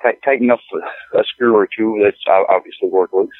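A man talking as a podcast guest, halting and stammering, often repeating words as he speaks. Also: lowish voice, fairly even intonation. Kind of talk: casual conversation. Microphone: phone call. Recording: tinny phone line, dry.

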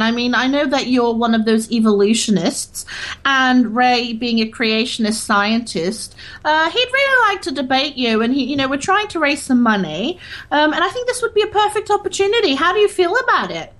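A woman's voice: high-pitched, a bit bright, exaggerated voice, rough recording. A woman playing a gushing, smitten personal assistant who giggles and fawns over her boss. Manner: giggly, fawning, bubbly.

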